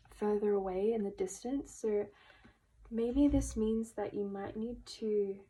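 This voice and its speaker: A woman giving a pick-a-card tarot reading, speaking gently and emotionally and at times dropping into a whisper. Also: medium pitch, rough recording. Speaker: tarot reader. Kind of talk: soft-spoken tarot reading.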